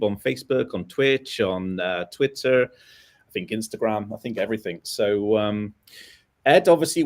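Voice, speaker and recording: Easygoing male show host. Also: medium pitch. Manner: relaxed, chatty, with many fillers. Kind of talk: live show hosting chat.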